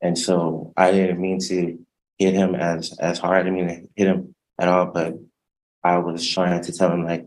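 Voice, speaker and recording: A man testifying as a defendant in court, hesitant and soft-spoken, halting over his words. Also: sits low, completely flat delivery, poor audio.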